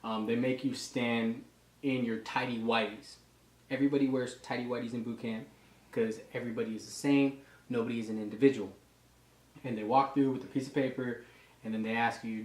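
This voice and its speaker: A man's voice: mid-range voice, brisk, reverberant. A young man in his twenties casually telling profane boot camp stories, laughing and acting out drill instructors, between sets in a gym. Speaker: fitness vlogger and reservist. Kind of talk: casual storytelling chat. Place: gym, indoors.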